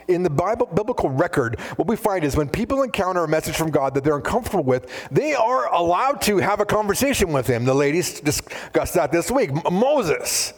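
Animated male preacher. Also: high voice, a little fast, few pauses. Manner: animated, acts out biblical dialogue in voices. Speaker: pastor. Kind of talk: sermon.

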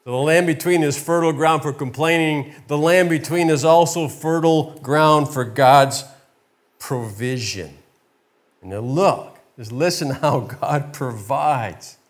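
A man's voice: fairly high pitch, unhurried. A man preaching a sermon in a heartfelt, searching way, often repeating his words for emphasis.

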